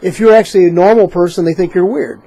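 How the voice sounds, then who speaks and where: Fast, blunt, high-voiced man. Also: steady tone, creaky, mellow, no echo. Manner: blunt and opinionated, repeats himself. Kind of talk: casual radio talk.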